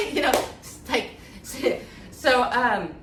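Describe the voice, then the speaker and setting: A woman guest telling her story in a candid, animated way, acting out voices with many fillers. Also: high voice, very slow, background noise. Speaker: interview guest, former acting student. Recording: echoey room, voice from a distance.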